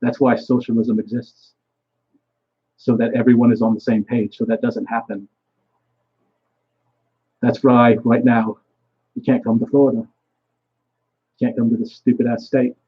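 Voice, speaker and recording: A man's voice: mid-range voice, level tone, moderate pace, pauses often, breathy edge, highs cut off. A young man vlogging a rambling solo monologue, swearing often and trailing off mid-thought.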